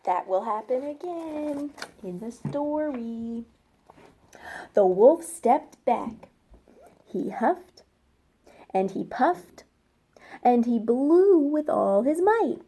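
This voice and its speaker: A woman reading a storybook aloud to young children, gentle and slow, asking them questions as she goes. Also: high voice, animated, husky. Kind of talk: interactive storybook read-aloud.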